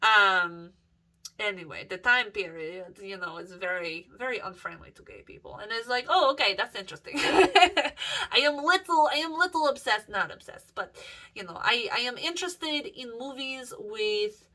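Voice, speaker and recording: A woman's voice: fairly high pitch, animated, a little slow, sharp tone. A young woman vlogging in a casual, rambling monologue, swearing freely and trailing off with fillers and self-corrections.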